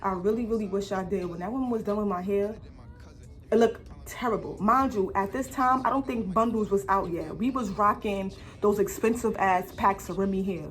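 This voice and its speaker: A woman telling a story on her vlog in an animated way, full of swearing and slang. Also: mid-range voice, normal speed. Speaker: vlogger.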